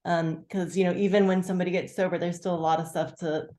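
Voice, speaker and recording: A woman leading a group, sharing her story candidly and haltingly, full of "like" fillers, on a video call. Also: lowish voice, fairly even intonation, mellow, echoey room. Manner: candid, halting, many "like" fillers, bursts of acted-out quotes. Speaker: team leader sharing gratitude.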